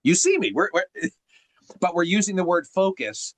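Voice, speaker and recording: A man's voice: high voice, huge pitch swings, a little slow, fairly bright tone, dry recording, low-quality recording. A man coaching on a group video call, teacherly and emphatic, firing off rhetorical questions. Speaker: sales coach.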